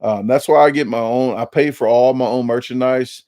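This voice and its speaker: A man in his forties from Illinois, talks through a casual live stream. He rambles, restarting sentences and repeating small words as he goes. His voice sits at an ordinary middle pitch, and the sound is dry, with no room echo. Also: steady tone, normal speed, dark tone. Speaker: YouTube channel host.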